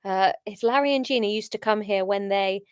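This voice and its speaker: A woman's voice: medium pitch, brisk, clean tone, dry recording, studio quality. A woman reading her own story aloud on a live stream, giggling and chatting between lines.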